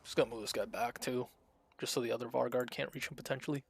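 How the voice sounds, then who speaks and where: A man streaming a strategy game, chatting casually and thinking out loud as he plays, with frequent fillers and restarts. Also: medium pitch, steady tone, quick pace, creaky, husky. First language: Russian. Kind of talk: casual gameplay commentary.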